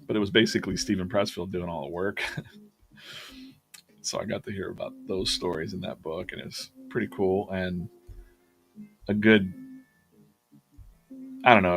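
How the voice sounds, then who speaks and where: Male artist-streamer, low-pitched, rambling casual storyteller at home. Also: fairly bright tone. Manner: rambling storytelling with many fillers and self-corrections. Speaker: artist hosting a live drawing stream. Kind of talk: casual chat while drawing.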